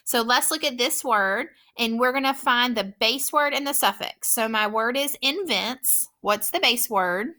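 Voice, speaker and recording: A woman teacher giving a slow, clear, encouraging phonics lesson to children. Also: a little high, sharp tone.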